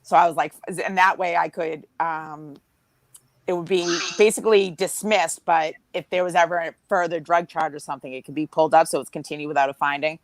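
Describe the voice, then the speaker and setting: A woman in casual conversation telling a long story, acting out the voices of the people in it. Her voice sits a little low, and the sound is close and dry with no room around it. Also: fairly quick, no echo, low-quality recording. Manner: animated storyteller, acts out quotes. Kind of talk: casual chat.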